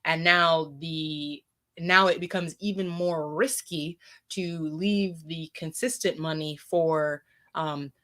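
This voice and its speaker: A woman talking on a podcast in a thoughtful, searching way, often pausing on fillers. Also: sits low, steady tone, sharp tone. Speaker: podcast speaker. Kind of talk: casual podcast conversation.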